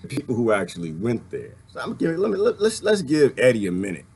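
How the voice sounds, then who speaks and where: A man's voice: mid-range voice, wildly swooping pitch, fast talker, gravelly, darkish tone, husky. A man delivering a rambling, heated and sarcastic monologue as a video commentator, laughing now and then between points. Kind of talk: ranting monologue.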